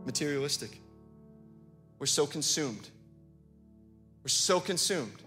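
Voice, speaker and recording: A man preaching a sermon, reading scripture and talking to the congregation, building to impassioned, near-shouted calls. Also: mid-range voice, animated, moderate pace, pauses often, soft background music. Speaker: pastor.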